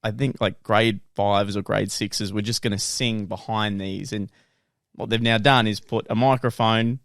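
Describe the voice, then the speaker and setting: A man's voice: on the low side, fairly even intonation, normal speed, vocal fry, fairly bright tone, no room sound, studio quality. A young man, co-hosting a podcast in casual chat and often laughing as he tells stories. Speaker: podcast co-host.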